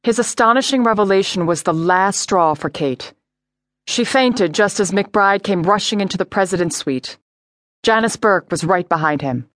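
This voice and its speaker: A woman narrating a crime story audiobook in a clear, measured reading voice. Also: mid-range voice, lively intonation, dry recording, clean studio sound. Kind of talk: scripted narration.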